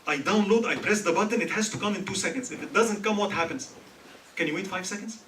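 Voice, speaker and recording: At a student religious gathering, an Egyptian man gives a humorous religious talk to a live audience, joking and quizzing listeners with questions. His voice is high, fast and a bit bright. The hall is echoey, with a distant mic and faint hiss.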